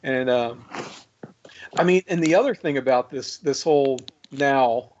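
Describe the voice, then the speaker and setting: Chuckling podcast host, muffled audio. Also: male voice, medium pitch, a little slow, darkish tone, slight background noise. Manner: reflective, chuckling, repeats words as he thinks. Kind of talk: casual chat.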